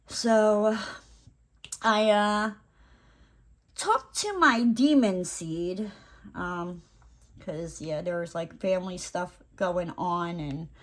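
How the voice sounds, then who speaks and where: A woman vlogger chatting casually while she crafts, rambling with lots of fillers and playful asides. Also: fairly low pitch.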